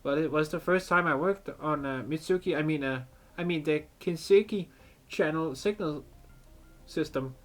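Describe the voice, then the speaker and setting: A man's voice: on the high side, moderate pace, faint music behind, pitched above the performer's own voice, natural voice. A man voicing a playful young female cyber ninja hacker, breezy and a bit sheepish, in a fan reading of game dialogue.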